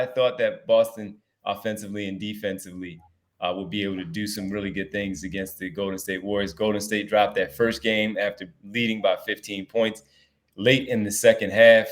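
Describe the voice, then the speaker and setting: A man co-hosting a sports podcast, talking in an animated, emphatic way. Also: on the low side. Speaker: podcast co-host. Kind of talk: casual sports podcast talk.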